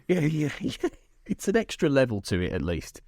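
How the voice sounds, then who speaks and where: A man's voice: mid-range voice, wildly swooping pitch, moderate pace, a little mellow, no echo, studio quality. A man hosting a podcast, talking in a rambling, self-interrupting way with frequent laughter. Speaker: podcast host. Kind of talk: casual chat.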